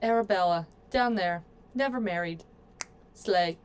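A woman's voice: fairly low pitch, unhurried, slight background noise. A woman streaming a game, chatting playfully to her viewers as she plays. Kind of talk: casual gameplay commentary.

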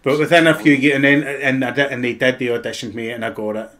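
A man's voice: mid-range voice, little pitch movement, fast, fairly bright tone. A Scottish actor in his forties, telling anecdotes in a casual podcast chat, swearing freely and acting out what people said. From Scotland. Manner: swearing storyteller, acts out quotes. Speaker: guest actor.

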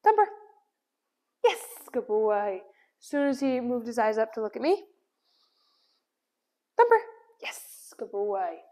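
A woman dog trainer giving a casual demonstration, calmly explaining between cheerful calls of the dog's name and quick praise, recorded indoors on a camera at a distance. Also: fairly high pitch. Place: indoors at home.

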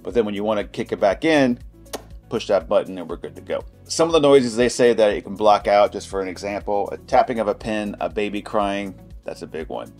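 A man's voice: on the low side, fairly quick, darkish tone, faint music behind. A man hosting a casual product review, talking in a chatty, anecdotal, informal way.

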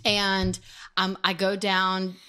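A woman musician telling a story as a podcast guest, animated and full of swearing. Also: mid-range voice, slow, clean tone. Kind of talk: casual storytelling interview.

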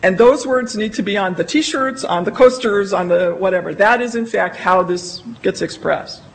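A woman's voice: medium pitch, normal speed, poor audio. A woman speaking to a room as a library consultant. Her delivery is conversational and emphatic. She often slips into acting out what people said, stressing key phrases. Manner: emphatic, conversational, acts out quoted remarks. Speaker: library consultant presenting research. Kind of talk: conference presentation.

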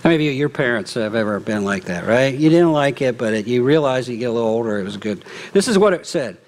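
A middle-aged man preaching a sermon as lead pastor, lively, often acting out quoted remarks. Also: mid-range voice, fast talker. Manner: animated, acts out quoted speech. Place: church.

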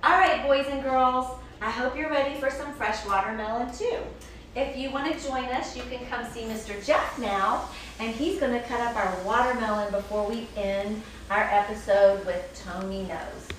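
A woman's voice: a little high, normal speed. A woman hosting a children's show, playfully reading a picture book aloud and chatting with a puppet and the young viewers. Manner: animated, playful, talks to a puppet and the kids. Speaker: children's story reader and show host. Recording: echoey room, distant mic, faint hiss.

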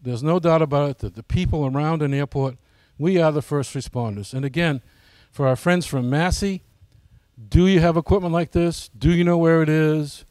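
A man's voice: on the high side, fairly even intonation, moderate pace, a little mellow, smooth, no echo. A man giving a casual, folksy presentation to his flying club, often asking the audience questions.

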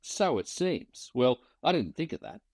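Firm kind publican, read by a man, lively tone, dry close mic. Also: mid-range voice, a little slow, breathy edge, no echo, voice pushed up, full character voice. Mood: firm kindly. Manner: firm but kindly. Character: kindly male country publican.

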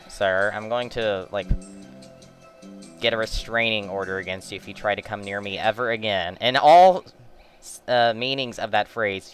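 A man's voice: lowish voice, pushed and bright. A young man giving rambling, joking gameplay commentary, swearing at the bosses as he plays. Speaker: let's play commentator.

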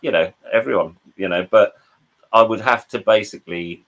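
Man, English accent, low voice, rambling anecdotes, frequent restarts, video call. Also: normal speed, a bit bright. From England. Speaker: guest, drummer. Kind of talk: casual storytelling interview.

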